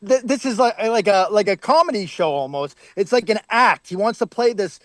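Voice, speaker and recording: A confident man with a fast Boston accent talks trash as a fighter guest in a casual interview. His voice sits high for a man. The recording is dry and close. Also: lively intonation, no echo. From Boston area. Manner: brash, confident, fast talker.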